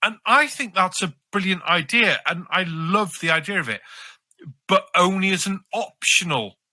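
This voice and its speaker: Bloke guesting on a podcast, very bright sharp voice, swears a lot, dry sound. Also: male voice, high-pitched, lively intonation, normal speed, no room sound. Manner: blunt and sweary, enthusiastic. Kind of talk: casual podcast chat.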